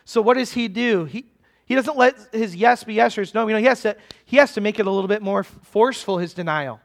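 A man's voice: high voice, brisk. A man preaching a conversational sermon that walks through a text verse by verse and keeps asking his listeners questions. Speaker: pastor. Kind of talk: expository sermon.

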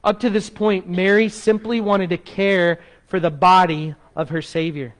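A man preaching a sermon as pastor, expressive, dropping to a soft slow voice to make a point. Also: high voice.

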